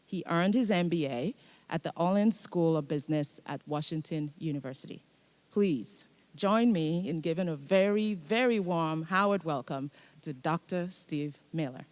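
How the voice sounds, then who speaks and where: A woman moderator at a symposium, reading a prepared speaker biography in a measured, formal way. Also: deep voice, darkish tone, no room sound. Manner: measured, reads a prepared bio.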